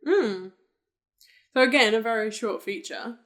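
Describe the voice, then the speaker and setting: A woman's voice: fairly high pitch, a little slow, a bit bright. A young woman co-hosting a casual music reaction chat, talking things through and asking lots of questions. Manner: chatty, asks many questions, thinks aloud. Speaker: co-host reacting to an album.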